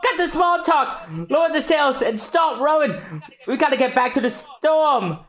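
A podcast co-host voicing a bossy young woman navigator who shouts orders at her crew. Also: medium pitch, sing-song, moderate pace. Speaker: podcast co-host reading manga aloud.

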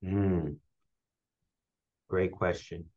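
A man's voice: low voice, fairly even intonation, very slow, mellow, muffled recording. A young man answering interview questions, earnest and giving advice, often repeating his phrases. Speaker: interview guest.

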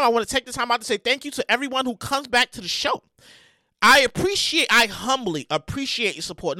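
Loud, animated male podcast host. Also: very high voice, dry recording, clean studio sound. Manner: loud, animated, repetitive, swears freely, bursts into shouting. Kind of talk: loud comedic commentary.

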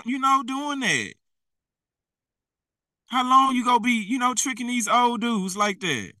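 A man's voice: very high voice, pushed and bright, no room sound, recorded from a distance, low-quality recording. A man preaching in a blunt, slangy, exhorting way, often laughing at himself. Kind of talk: fiery street-style preaching.

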